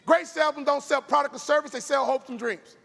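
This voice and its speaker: Emphatic gravelly-voiced keynote speaker. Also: male voice, very high voice, fairly even intonation, fast talker. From Chicago, US. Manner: emphatic, preacher-like cadence with shouted peaks. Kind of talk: motivational keynote. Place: large event arena stage. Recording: long hall reverb from live arena.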